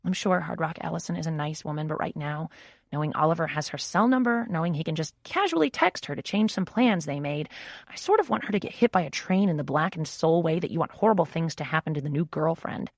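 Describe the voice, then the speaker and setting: A woman's voice: low-pitched, lively intonation, fast, no room sound. A woman reading a first-person audiobook in a wry, intimate inner-monologue manner, close to the mic. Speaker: audiobook narrator.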